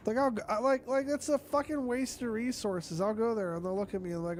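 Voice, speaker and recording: A man's voice: sits high, steady tone, brisk, hardly any pauses, soft background music. A man with a cough, hosting a casual online chat and ranting with lots of swearing and exasperation. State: sick with a cough.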